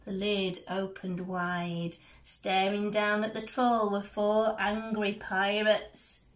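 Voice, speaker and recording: A teacher from England reading a picture book aloud to children, expressive, with asides to her listeners. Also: medium pitch, takes it slowly. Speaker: primary school teacher. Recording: echoey room.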